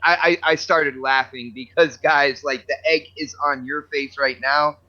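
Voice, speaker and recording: A man on a gaming podcast panel who talks in an animated way, stammering and repeating words. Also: fairly high pitch, a little slow, dull audio. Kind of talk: casual panel chat.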